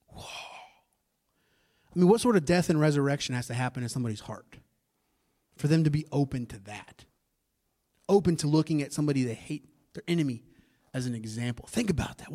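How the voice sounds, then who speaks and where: A man preaching a sermon as pastor, animated, dropping to hushed asides and rising to loud acted-out lines. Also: a little high. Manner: animated, acts out characters with big swings from hushed to loud.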